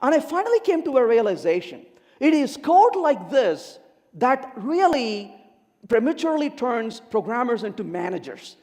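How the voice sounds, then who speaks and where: A man giving a humorous conference talk on code, theatrical and animated, asking the audience questions. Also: extremely high pitch, normal speed. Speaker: conference speaker. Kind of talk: humorous technical keynote. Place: large conference hall. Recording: long hall reverb.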